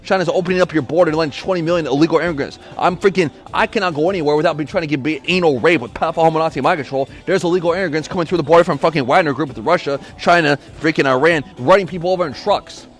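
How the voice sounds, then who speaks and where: A man ranting alone on a podcast, angry, profane and accusatory, breaking into shouted bursts. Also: a little high, racing, few pauses, faint music behind. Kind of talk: solo rant.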